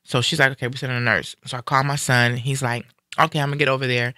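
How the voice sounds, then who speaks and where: A man in a casual live-stream conversation, retelling a personal story in an animated way and acting out what people said. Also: mid-range voice, quick pace, dry recording, clean studio sound. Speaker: guest sharing a personal story.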